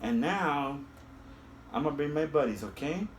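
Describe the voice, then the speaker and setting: A man reading a children's yoga story and guiding kids through the poses in a gentle, coaxing way, talking straight to the children. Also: a little high, lively intonation, moderate pace, a little hiss or hum.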